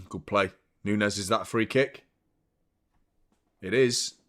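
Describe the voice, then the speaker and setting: A man's voice: lowish voice, slow, gravelly, a bit bright. A young man hosting a live football watchalong, commenting on the match and swearing freely as he gets heated.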